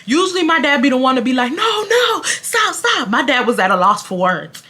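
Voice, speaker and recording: Woman in her 20s, storytime vlogger, tense bright tone, high-ish voice, dramatic delivery. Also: fast. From Houston, Texas. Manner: animated and dramatic, swinging from loud reenactment to quiet asides. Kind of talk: casual storytime.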